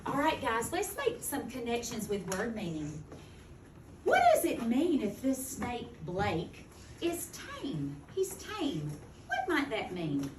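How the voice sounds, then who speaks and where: A woman teaching a second-grade phonics lesson, speaking clearly and deliberately. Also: a little high, huge pitch swings. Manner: clear, deliberate teacher talk, slowing to model words. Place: classroom. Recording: echoey classroom from far off, noisy.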